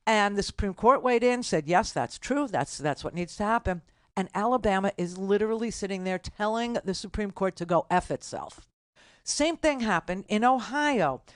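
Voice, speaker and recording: Older woman talk radio host, sarcastic and indignant, mid-pitched, dry close mic. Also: lively intonation, no echo. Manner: indignant, sarcastic, rapid asides. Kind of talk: political talk radio monologue.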